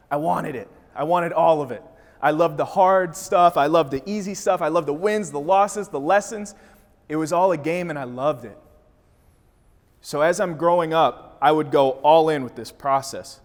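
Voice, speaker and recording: A man's voice: on the high side, brisk. A man from Wisconsin giving a motivational talk, telling a story with vivid energy. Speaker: speaker. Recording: reverberant hall.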